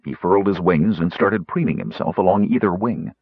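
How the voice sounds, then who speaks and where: Low, husky-voiced male narrator. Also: lively intonation, dry recording, dull audio. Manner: measured storytelling, shifting into character voices. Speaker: audiobook narrator. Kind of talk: scripted fantasy narration.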